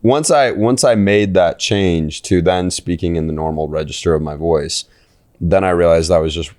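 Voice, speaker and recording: A man with a very deep voice in casual podcast conversation. He talks earnestly and with emphasis, leaning into each point he wants to drive home. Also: normal speed, a little mellow.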